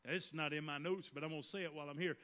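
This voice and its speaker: A man preaching a sermon to a congregation, repeating his lines and leading call-and-response, now and then rising to a shout. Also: fairly high pitch, steady tone, rapid-fire. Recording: long reverb of a hall.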